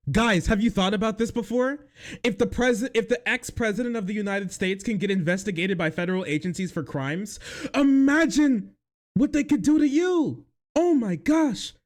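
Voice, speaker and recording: A young man streaming his reaction to news clips, mocking them loudly and crudely with bursts of laughter. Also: animated, fairly quick. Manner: loud, mocking and crude, with frequent laughter and sudden high-pitched outbursts. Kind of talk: livestream reaction commentary.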